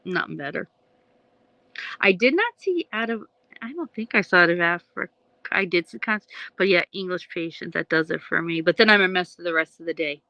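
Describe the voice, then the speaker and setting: A woman in her forties chats to her viewers on a live stream, rambling from one thought to the next and laughing as she goes. Her voice sits a little low. The sound is dull and lo-fi, with a dry close feel. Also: expressive, a little fast, bright, forceful tone, no echo. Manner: chatty, rambling, laughs often. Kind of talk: casual live chat with viewers.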